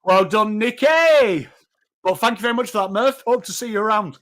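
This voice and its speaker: Animated English man hosting a live footy watchalong. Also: high-pitched, racing. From England. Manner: animated, jumps between cheering the team and greeting viewers. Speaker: livestream host. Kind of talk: live watchalong commentary and chat replies.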